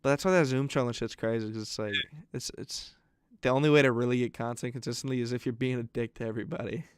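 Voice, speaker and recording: A man's voice: mid-range voice, fairly even intonation, fast, clean tone, no room sound, clean studio sound. A young man co-hosting a podcast, telling stories in casual chat, swearing often and acting out what other people said. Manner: swearing storyteller, acts out other people's lines. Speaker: podcast host.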